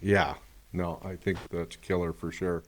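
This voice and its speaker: A man hosting a podcast, talking in a relaxed, agreeable way with lots of "you know.". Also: low voice, unhurried. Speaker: podcast host. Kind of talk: casual interview chat.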